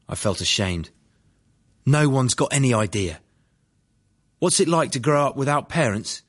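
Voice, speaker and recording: A man's voice: medium pitch, big pitch swings, measured pace, long pauses. A man narrating his own life story in a dry, plain-spoken first-person audiobook reading. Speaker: memoir narrator.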